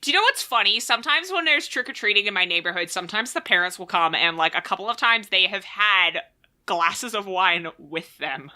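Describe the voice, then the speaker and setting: Young female co-host, very bright voice, sarcastic and animated. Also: medium pitch. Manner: animated and sarcastic, with quick comic asides. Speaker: podcast co-host. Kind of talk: casual chat.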